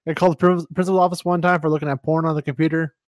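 Easygoing higher-voiced man chatting. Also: flat delivery, very fast, dry recording, clean studio sound. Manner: easygoing, lots of short agreeing replies. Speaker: podcast co-host. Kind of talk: casual chat.

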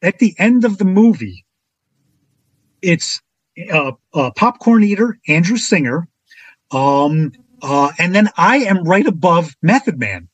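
Animated husky man telling a story. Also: a little slow, dry recording, lo-fi sound. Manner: animated, acts out quotes with big pitch jumps. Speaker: podcast guest. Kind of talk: casual storytelling anecdote.

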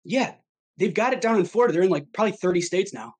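Man in his thirties, husky voice, fairly high pitch, rambling, self-deprecating, podcast guest. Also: animated, fast, darkish tone. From Michigan. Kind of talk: casual chat.

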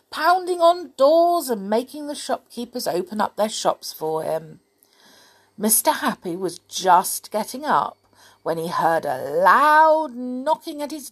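A woman reading a children's picture book aloud, very slow and unhurried. Her pitch rises and falls with great liveliness as she plays up every line. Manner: animated, expressive, playful. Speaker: storyteller.

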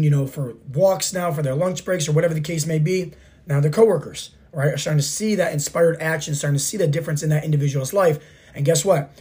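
Hoarse man giving a motivational talk. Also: a little high, a little mellow. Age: 30s. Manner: emphatic, repeats rhetorical questions and "right?". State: hoarse, sore throat. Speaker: podcast host and fitness coach. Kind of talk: motivational podcast monologue.

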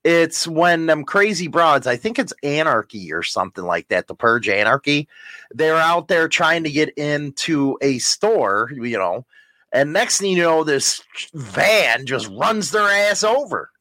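A man's voice: on the high side, sing-song, unhurried, pushed and bright, no room sound. A man co-hosting a casual podcast with his wife, ranting and teasing with plenty of profanity. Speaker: podcast co-host. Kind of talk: casual banter.

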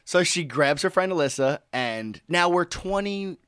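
A man's voice: fairly high pitch, measured pace, clear, resonant tone, no room sound, studio quality. A man in his twenties telling a funny story in casual chat, laughing often and imitating voices. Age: 20s. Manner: animated, laughs through stories, mimics voices.

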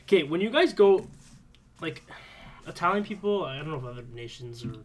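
Fast-talking young man joking around. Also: a little high, lively intonation. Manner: joking, teasing, laughs often. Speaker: podcast co-host. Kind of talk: casual chat.

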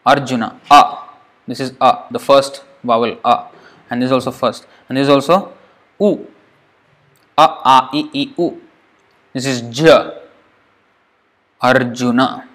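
A man's voice: medium pitch, fairly even intonation, measured pace, pauses often, fairly bright tone. A man teaching Sanskrit pronunciation in a video lesson, patiently repeating sounds and thinking aloud as he goes. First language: Bengali.

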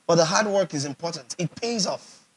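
A man's voice: on the high side, lively intonation, moderate pace, breathy edge. A Nigerian pastor preaching a sermon, emphatic and repetitive, often checking whether his audience understands. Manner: emphatic, repeats phrases for effect, asks the audience questions.

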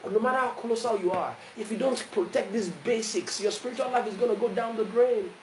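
A man preaching a sermon as pastor, animated, acting out the Bible figures in the story and rising to shouts. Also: high-pitched, fast talker, echoey room, slight background noise, poor audio.

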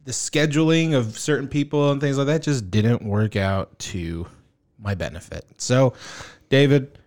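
A man's voice: mid-range voice, unhurried, a little mellow. Laid-back man, laughing storyteller. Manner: laughs often, swears casually. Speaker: podcast host. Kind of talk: casual chat.

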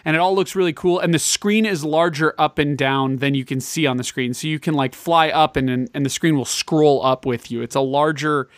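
Male co-host, rambling casual talker, slightly high voice, dry close mic. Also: steady tone, a little fast, hardly any pauses, no room sound. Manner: rambling, with many fillers and restarts. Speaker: podcast co-host. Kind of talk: casual chat about retro games.

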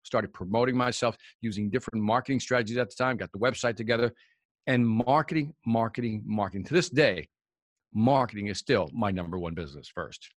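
A man, a professional speaker, telling a lively story in an interview and acting out the dialogue. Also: on the low side, brisk, no echo, clean studio sound.

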